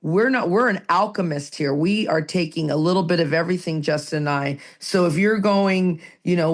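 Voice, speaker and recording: A woman co-hosting a recovery podcast, talking in a lively, rambling way and reading passages aloud. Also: lowish voice, normal speed, few pauses. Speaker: podcast co-host. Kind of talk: casual recovery podcast chat.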